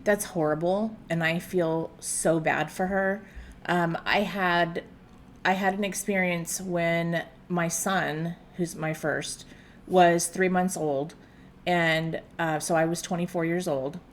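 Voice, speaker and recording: A woman's voice: fairly low pitch, steady tone, takes it slowly, slight background noise. Chatty woman reacting on camera. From United States. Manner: chatty, conversational with frequent fillers. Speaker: reaction video host. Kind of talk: casual commentary.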